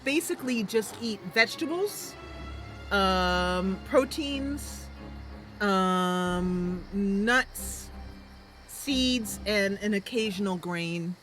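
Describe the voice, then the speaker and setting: A woman with a medium-pitched, sharp-toned voice chats casually with her live-stream viewers during a role-play game. Game music plays underneath as she giggles and uses lots of fillers.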